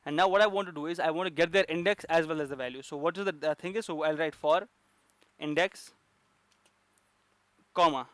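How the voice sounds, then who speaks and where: A man's voice: fairly high pitch, brisk, long pauses, fairly bright tone, clear, resonant tone, no echo. A man teaching a coding lesson, explaining step by step with frequent fillers and restarts. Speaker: programming instructor.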